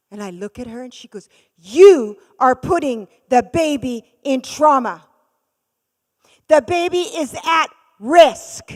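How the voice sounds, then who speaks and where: A middle-aged woman preaching a church sermon, telling a story dramatically, swinging from loud bursts to hushed tones. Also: fairly high pitch. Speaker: guest speaker. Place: church hall. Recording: long reverb of a large hall.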